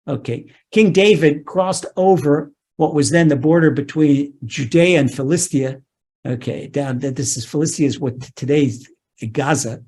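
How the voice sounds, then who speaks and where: A rabbi with a slightly high, breathy voice tells a scripture story animatedly as he teaches. He keeps restarting phrases and frequently says "okay."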